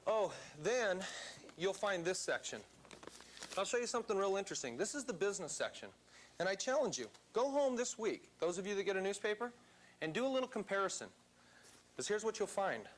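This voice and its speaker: Man, seminar speaker, theatrical storytelling, high voice, swooping lively pitch, faint hum behind. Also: fairly quick. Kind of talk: storytelling talk to a live audience.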